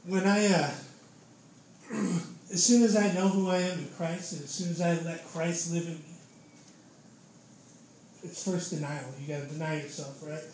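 At normal speed and with frequent pauses, a young man with a slightly high, steady, a little mellow voice gives a casual preaching testimony. He's fervent and informal, always dropping "man" and "dude," recorded in a very echoey room with faint noise.

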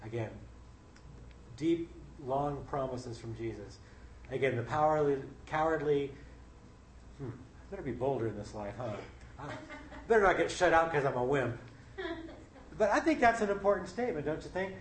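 A man's voice: on the high side, animated, normal speed, long pauses, a little hiss or hum. A middle-aged man giving an informal sermon in a conversational, folksy way, reading scripture aloud between his own remarks. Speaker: Bible study leader. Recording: roomy with faint ambience.

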